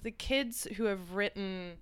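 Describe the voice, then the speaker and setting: A woman hosting a casual podcast interview, with a croaky voice, asking questions with lots of hesitant fillers. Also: medium pitch, measured pace. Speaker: podcast host.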